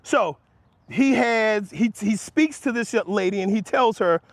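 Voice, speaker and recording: A man's voice: lively intonation, a little slow, no room sound. A man hosting a livestream, talking heatedly and emphatically to his chat, calling chatters by name and laughing off their replies while he argues about money. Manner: emphatic, argumentative, rising in pitch when making points. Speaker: livestream host answering chat. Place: outdoors near passersby.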